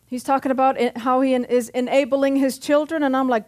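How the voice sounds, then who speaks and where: A woman's voice: high voice, fairly even intonation, fairly quick, darkish tone. A middle-aged woman pastor preaching a sermon in a church, punchy and joking, often calling out for an amen. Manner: punchy, joking, calls for amens.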